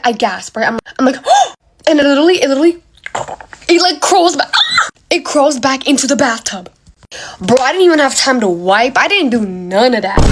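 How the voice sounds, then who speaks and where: Animated young woman telling a scary story. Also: on the high side, noisy background. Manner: animated, dramatic retelling with gasps and slang. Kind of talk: casual storytime vlog.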